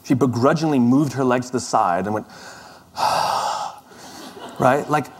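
A man's voice: mid-range voice, a little fast, slightly rough. Man telling a funny travel story. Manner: conversational, self-deprecating, with frequent restarts. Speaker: speaker. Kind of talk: storytelling talk.

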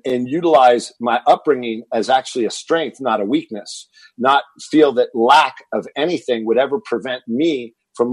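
A middle-aged man from Texas, a guest in an interview, telling stories in an animated way and acting out what people said. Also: mid-range voice, breathy edge, dry recording, poor audio. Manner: animated storyteller acting out quoted dialogue. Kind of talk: storytelling interview.

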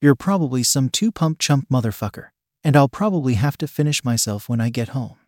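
A man voicing a guarded young woman who answers with sharp, profane retorts. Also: medium pitch, expressive, brisk, dry recording, clean studio sound, natural voice. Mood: snapping.

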